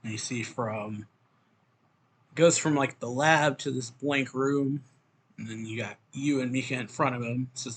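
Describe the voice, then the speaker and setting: A man casually retelling a comic chapter in a mid-pitched voice, rambling with lots of fillers and raising his tone for quoted lines. A faint hiss sits under the recording. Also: unhurried. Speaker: manga reviewer. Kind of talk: casual recap reading out manga dialogue.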